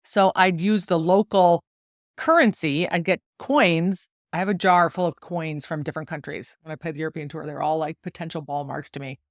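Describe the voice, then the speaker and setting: A woman in her forties from the United States, hosting a solo podcast and telling stories in a chatty, lively way with frequent laughs. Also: sits low, brisk, no room sound, studio quality. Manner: chatty, animated storytelling with laughs. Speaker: podcast host and golf coach.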